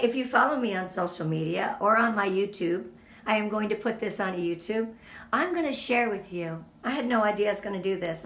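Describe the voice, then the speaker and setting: A woman's voice: mid-range voice, fairly bright tone. Earnest motivational woman in an echoey room. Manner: earnest and emotional, speaks to the group directly. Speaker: team leader giving a motivational talk. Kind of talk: casual motivational talk.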